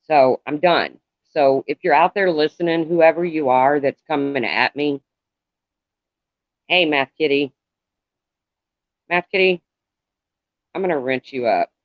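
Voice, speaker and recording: A middle-aged man talking to viewers on a live stream in a halting, rambling way, calling out commenters by name. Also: on the high side, dry recording. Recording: dull lo-fi, dry sound.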